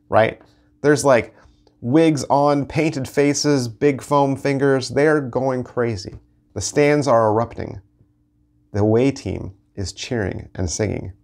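A man, a pastor leading an online Bible study in a lively, conversational way with playful asides. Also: fairly low pitch. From Texas.

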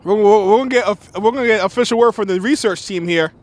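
A man giving play-by-play commentary at a soccer match outdoors, excitable and repetitive, shouting on big plays. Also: sits high, fast. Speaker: sports commentator.

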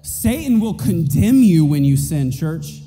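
A man's voice: fairly high pitch, very animated, measured pace, dark tone, big-room sound, soft background music. A man preaching a sermon as pastor, emphatic and repeating his key points. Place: church auditorium.

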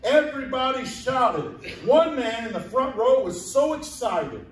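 A man preaches a folksy sermon in a high, bright register. He is picked up by a mic some distance away in an echoey church sanctuary, with a faint hiss of room noise behind him. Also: animated, measured pace. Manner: folksy storytelling, acting out voices in quotes. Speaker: pastor.

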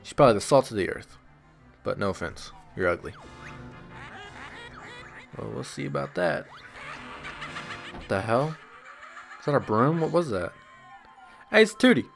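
A man's voice: mid-range voice, lively intonation, unhurried, vocal fry, pauses often, soft background music. A man giving casual, crude, joking let's-play commentary while playing a video game, teasing the characters and mocking his own skill. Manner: joking, crude and self-deprecating.

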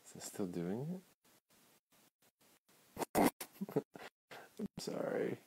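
Deep, gravelly man chatting on a livestream. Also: big pitch swings, very slow, long pauses, dark tone. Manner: rambling, with laughs and apologies. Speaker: livestream host. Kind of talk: casual late-night livestream chat. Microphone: phone.

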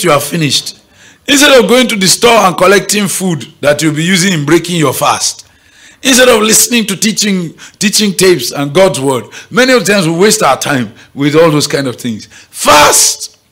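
A man with a Nigerian accent preaching at a morning prayer meeting, emphatic and often asking the congregation if they are following. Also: high-pitched. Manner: bright, emphatic, keeps checking the audience is following. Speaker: pastor. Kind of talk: sermon. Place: church gathering.

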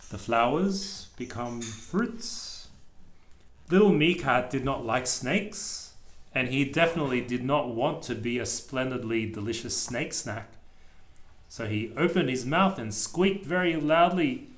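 A man, a father, reading a children's book aloud to his child and gently pointing out the pictures. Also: medium pitch, animated, measured pace. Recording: echoey room.

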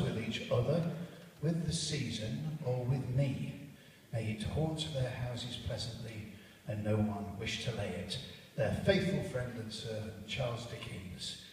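A man narrating a story live with a jazz band, with relaxed, chatty asides. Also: medium pitch, distant mic, a little hiss or hum. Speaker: narrator and musician. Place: church, live performance. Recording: echoey church from afar.

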